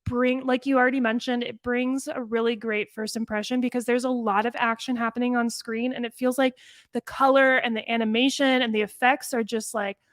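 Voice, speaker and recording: Woman, podcast co-host, casual chat, fairly high voice, dry sound. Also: dry recording. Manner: animated, quick bursts of speech with frequent "like".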